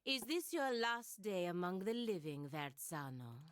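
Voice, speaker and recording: An actress voicing a sly, seductive female character in a fantasy video game, with a low, unhurried delivery. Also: sing-song, no echo.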